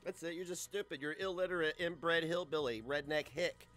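A man in his forties streaming live, ranting in a crude, mocking, loud way. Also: a little high, normal speed, faint music behind. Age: 40s.

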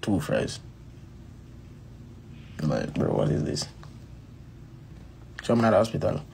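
A man's voice: low voice, very animated, slow, gravelly, darkish tone, a little hiss or hum. A man with a Jamaican accent telling a personal story in a rambling, casual way, repeating phrases and calling the listener "bro". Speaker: dancehall artist.

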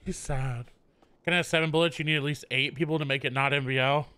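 Bright, crisp, chatty man role-playing. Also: a little high, fast, no room sound. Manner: chatty, animated, upbeat service voice. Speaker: streamer role-playing a burger shop worker. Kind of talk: casual game role-play chat.

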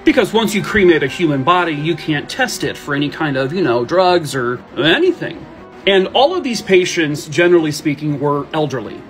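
A man's voice: fairly high pitch, sing-song, moderate pace, soft background music. A man narrating true crime cases in a casual way, dropping wry jokey asides.

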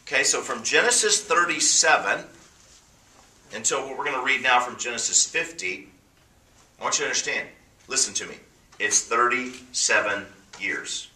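Guy preaching in an echoey church, super bright voice, punchy build-ups. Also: medium pitch, animated, brisk, pauses often, far from the mic. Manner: preaching with emphatic, rising bursts. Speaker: pastor. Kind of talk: sermon.

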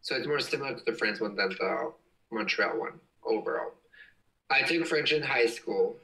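A man's voice: mid-range voice, normal speed, gravelly, pushed and bright, recorded from a distance, poor audio. A young man hosting a casual livestream at home, reading comments and rambling with lots of giggles. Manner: giggly, rambling, frequent laughs. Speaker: livestream host.

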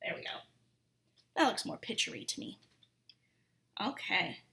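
A woman's voice: mid-range voice, sing-song, measured pace, gravelly, pushed and bright. A woman teacher reading a story aloud and explaining words to young children, chatty and full of questions.

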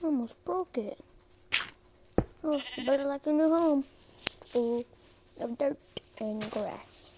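A high-pitched woman chatting to herself as she plays, unhurried and goofy. She drawls her words slowly and slips into silly chants. Faint background noise sits under her phone-recorded voice. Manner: playful, silly, talks to herself while building. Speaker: gameplay video creator. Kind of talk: casual commentary while playing a game.

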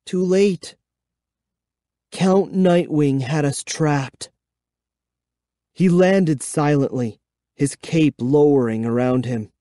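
A man reading a children's horror book aloud, giving expressive, measured first-person storytelling. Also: on the high side, dry recording, clean studio sound. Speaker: audiobook reader. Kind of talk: dramatic audiobook narration.

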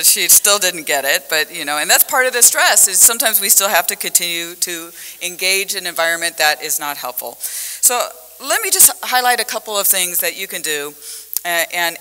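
Woman academic on a conference panel, bright and lively, acting out the dialogue, with long hall echo. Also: lowish voice, a little hiss or hum. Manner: animated storytelling, acts out dialogue, laughs often. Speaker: university professor on a conference panel. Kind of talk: conference talk with slides.

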